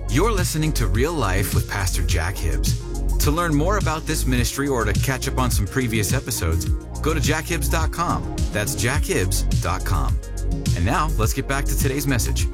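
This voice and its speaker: A man's voice: medium pitch, very animated, moderate pace. A male announcer giving a scripted promotional read for a radio ministry program. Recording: loud music bed underneath.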